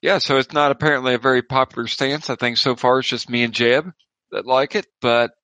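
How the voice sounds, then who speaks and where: Male host, bright voice, dry close mic, joking enthusiastic chat. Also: medium pitch, steady tone, fairly quick, clear, resonant tone, dry recording, poor audio. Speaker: podcast host. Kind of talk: casual chat.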